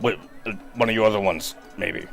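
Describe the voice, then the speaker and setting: A man narrating as game master of a tabletop game, in a relaxed and searching way full of ums. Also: lowish voice, brisk, vocal fry, soft background music.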